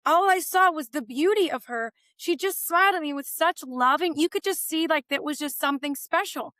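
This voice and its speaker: A woman's voice: sits high, moderate pace, sharp tone, no echo. A woman hosting a podcast, telling a personal story in emphatic, conversational chat. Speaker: podcast host.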